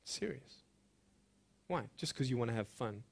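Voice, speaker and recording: A young adult man giving an earnest, emphatic motivational speech to students, moving between hushed and loud passages. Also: medium pitch, lively intonation, measured pace, gravelly, breathy edge. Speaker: motivational speaker.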